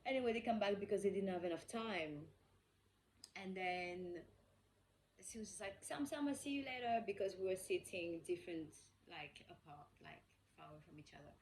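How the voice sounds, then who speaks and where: Female vlogger, lower pitch, casual rambling tale, faint background noise. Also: moderate pace, darkish tone, poor audio. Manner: rambling, heavy on fillers like "like" and "you know"; acts out quoted dialogue. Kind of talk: casual personal storytelling.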